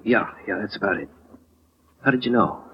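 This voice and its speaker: Streetwise worker, defensive, slangy, husky, 1940s radio acting, dull old recording. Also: male voice, on the low side, expressive, moderate pace. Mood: earnest. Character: Joe Vanelli, frustrated working man, restless.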